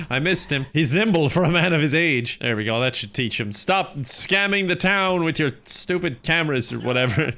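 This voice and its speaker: A man's voice: a little high, expressive, normal speed, pushed and bright. A young man commenting on a game he plays, joking and sarcastic, laughing often. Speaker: gaming host. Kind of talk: let's play commentary.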